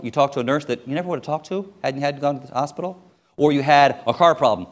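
Lively storytelling male missionary preacher. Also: on the high side. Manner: lively storytelling with sudden loud and quiet swings. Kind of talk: sermon.

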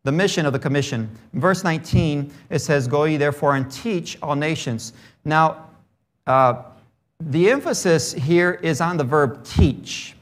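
A man who grew up in Brazil delivers a sermon in a fairly high voice. He tells a story in an easy way, then preaches with growing emphasis. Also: measured pace.

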